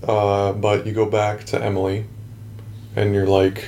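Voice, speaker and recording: Rambling low-voiced man chatting about games. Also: monotone, measured pace, dark tone, slight background noise. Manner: rambling, many fillers, retells scenes. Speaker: podcast co-host. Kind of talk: casual game discussion.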